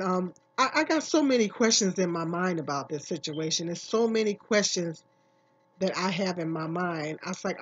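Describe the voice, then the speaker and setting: A woman's voice: medium pitch, slightly rough. A woman vlogger giving casual, emphatic commentary, repeating herself and asking many questions. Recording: dull lo-fi recording.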